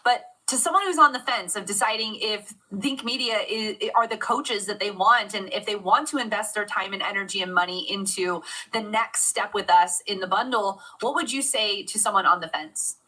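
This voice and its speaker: A woman's voice: mid-range voice, moderate pace, hardly any pauses, bright, forceful tone, poor audio. A woman hosting a livestream interview as a coach, upbeat and gushing, laughing often. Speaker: host and coach.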